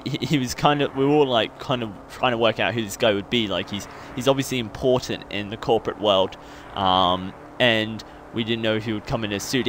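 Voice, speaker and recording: Here the same kind of speaker comes through with a lowish, fairly bright voice over slight background noise: a young gaming YouTuber from Australia whose accent has partly faded after years living in the UK. He rambles through laid-back, energetic gameplay commentary, laughing often and poking fun at himself.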